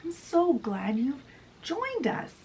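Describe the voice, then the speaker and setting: A woman's voice: high voice, huge pitch swings, slow, darkish tone, far from the mic, slight background noise, voice pushed up, exaggerated voice. A woman voicing a lonely, scheming young pirate captain with a fawning, falsely polite manner. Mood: ingratiating.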